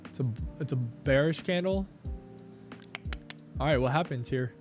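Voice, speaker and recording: A young man live-streaming his crypto trading, chatting casually, thanking viewers and coaxing the price chart out loud. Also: mid-range voice, a little slow, soft background music.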